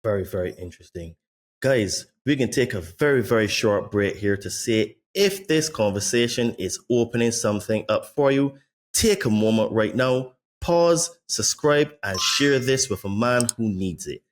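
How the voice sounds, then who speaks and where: A man hosting a podcast, rambling and restarting as he asks questions, slowing on key words, and reading show plugs. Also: mid-range voice, lively intonation. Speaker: podcast host. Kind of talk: conversational interview, reads show plugs.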